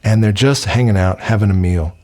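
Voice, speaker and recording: A man's voice: lowish voice, brisk, darkish tone. Rambling man reviewing a film. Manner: rambling, with many fillers and restarts. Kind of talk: casual movie review.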